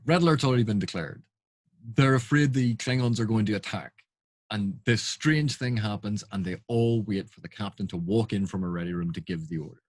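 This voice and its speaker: A man with a low, husky voice gives unscripted reaction commentary. He is exasperated and asks pointed rhetorical questions. The recording is dry and close. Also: moderate pace, no echo. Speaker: film and TV critic.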